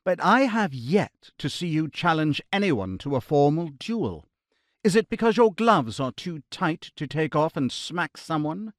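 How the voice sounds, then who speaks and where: A man's voice: fairly high pitch, big pitch swings, measured pace, no echo, pitched above the performer's own voice. A man doing a dry-witted Englishman. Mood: mocking. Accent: British. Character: dry-witted male adventurer with a strong British accent.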